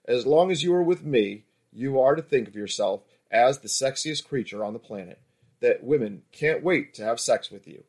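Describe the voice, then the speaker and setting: A man's voice: mid-range voice, animated, moderate pace, darkish tone. Confident female escort, voiced by a man, frank, matter-of-fact, erotic story reading.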